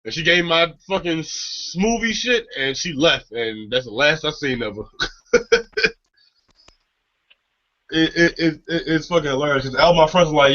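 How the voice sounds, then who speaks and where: A man's voice: a little high, normal speed, long pauses, bright, forceful tone, no echo, lo-fi sound. A young man telling a story in casual podcast chat, rambling and swearing, often restarting his sentences.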